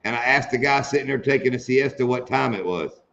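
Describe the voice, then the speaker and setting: A man's voice: medium pitch, brisk, vocal fry, a bit bright, muffled recording. A man hosting a casual live stream, telling jokes and laughing at them. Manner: joking storyteller, laughs at own jokes.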